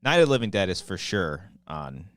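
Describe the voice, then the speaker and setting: Low-voiced man in joking casual chat. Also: big pitch swings, a little fast, a bit bright, no room sound. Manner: loose, joking, swears freely, trails off and restarts. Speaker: podcast co-host.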